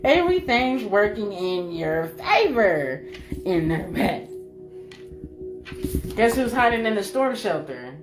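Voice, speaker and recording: A woman delivers a spiritual channeling monologue in a voice of middling pitch, pressing her points through repetition. She swings between loud declarations and soft asides. Music plays clearly underneath. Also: very animated, slow pace, long pauses. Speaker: spiritual reader. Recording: music playing behind.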